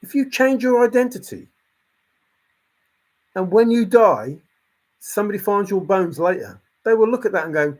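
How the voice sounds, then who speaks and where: A man's voice: high-pitched, lively intonation, normal speed, pauses often, darkish tone. A man who hosts a channel, ranting in a casual, exasperated way and repeating his points. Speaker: channel host. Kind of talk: casual opinion rant.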